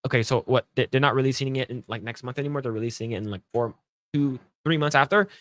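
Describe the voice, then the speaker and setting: Co-hosting a podcast, a man talks fast in a medium-pitched voice, chatting casually and reading the news aloud with blunt, crude jokes. The studio-quality recording has no echo.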